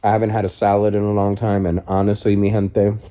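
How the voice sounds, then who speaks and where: A man's voice: lowish voice, monotone, quick pace, warm tone, clear, resonant tone. A man in his forties talking reflectively and candidly while eating on his living room couch, recorded on his phone. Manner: reflective, candid, speaks in loose restarts. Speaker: vlogger. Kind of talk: casual mukbang vlog.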